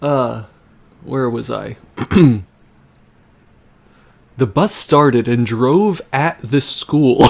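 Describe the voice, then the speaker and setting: A man's voice: mid-range voice, sing-song, very slow, gravelly, pauses often, darkish tone. A young man on a livestream reading a fan story aloud for comedy, often breaking into laughter and wry asides. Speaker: livestreamer reading for a charity stream.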